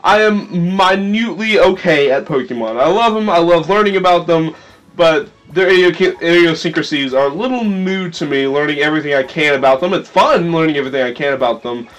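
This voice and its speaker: A man's voice: fairly high pitch, brisk, a bit bright, low-quality recording. A man hosting a let's play, rambling and self-deprecating in casual commentary over faint game music. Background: faint video game music.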